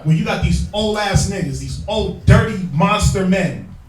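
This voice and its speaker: A man teaching from the Bible in an emphatic, slangy street style, prodding his reader with quick call-and-response. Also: high-pitched, lively intonation. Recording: echoey room, distant mic, faint music.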